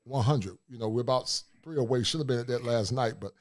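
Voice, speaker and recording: A man's voice: mid-range voice, fast. Blunt streetwise man hosting a stream. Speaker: livestream host. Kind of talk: casual livestream talk.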